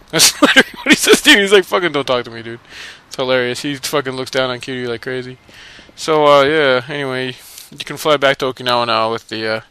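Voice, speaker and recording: A man's voice: mid-range voice, lively intonation, brisk, pushed and bright, smooth. A man giving casual, profane commentary over gameplay, laughing and mocking the characters. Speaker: video game let's-play commentator.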